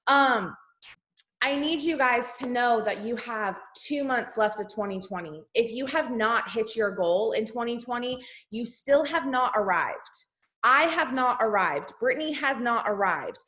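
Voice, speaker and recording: A woman's voice: a little high, a little slow. A woman hosting a motivational team call from home on a laptop, talking emphatically and calling her listeners "y'all". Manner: energetic, emphatic, Southern-style "y'all" address. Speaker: host of a team video call. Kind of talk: motivational pep talk. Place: home, indoors. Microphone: laptop video call.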